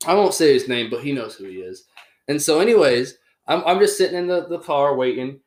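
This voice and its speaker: A man's voice: on the high side, lively intonation, fairly quick, darkish tone. A young man, telling a story as a podcast host in casual, rambling chat full of fillers and swearing. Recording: roomy echoey room.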